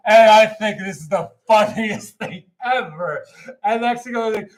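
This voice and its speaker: A man chatting while getting ready to cut hair, telling a long funny story with loud, laughing punchlines. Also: high-pitched, normal speed. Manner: animated, laughing storyteller who shouts punchlines. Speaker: hairdresser. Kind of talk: casual storytelling chat.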